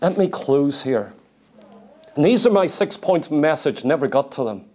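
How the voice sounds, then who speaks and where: A man preaching a sermon in a church, emphatic and questioning, at times dropping to a quiet, intense delivery. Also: a little high, big pitch swings, unhurried. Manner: emphatic, asks the congregation direct questions.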